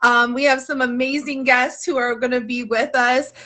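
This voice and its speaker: A woman's voice: high voice, level tone, normal speed, pushed and bright. A woman hosting a live show in a bubbly, chatty, playful way. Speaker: host. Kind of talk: casual live-stream hosting.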